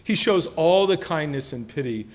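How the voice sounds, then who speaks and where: A man's voice: fairly high pitch, animated, moderate pace. Playful man in his sixties roasting colleagues. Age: 60s. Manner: self-deprecating, playful mock voices for others. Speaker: retiring professor being roasted. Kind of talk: roast speech. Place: banquet hall.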